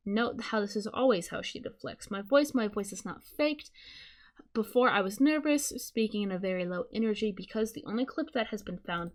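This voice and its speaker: Young woman from the south, voice kinda strained, rambling live stream commentary, keeps correcting herself. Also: medium pitch. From Southern United States. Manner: rambling, self-correcting, casual. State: strained voice from hours of talking. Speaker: streamer commenting on online drama.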